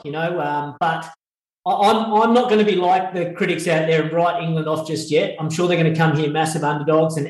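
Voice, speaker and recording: Man, Australian accent, higher pitch, thoughtful, echoey room sound. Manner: measured, thoughtful analysis. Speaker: former cricketer guest. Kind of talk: casual podcast chat. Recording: roomy echo on the voice.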